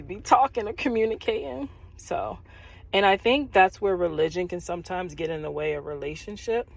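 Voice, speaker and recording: A young adult woman talking casually and openly on her own podcast, animated and quick to laugh. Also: low voice. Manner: conversational, animated, laughs easily. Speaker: podcast host. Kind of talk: casual solo podcast talk about faith.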